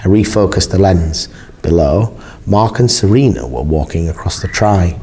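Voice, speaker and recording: A man reading a first-person novel aloud as an audiobook narrator, measured and expressive. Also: deep voice, a little hiss or hum.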